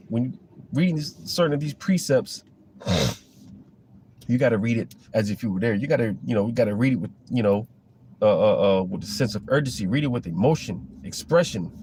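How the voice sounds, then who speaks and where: A man's voice: mid-range voice, darkish tone, slight background noise. A man giving a casual, rambling preaching monologue about scripture, full of fillers and restarts. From Florida. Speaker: religious commentator.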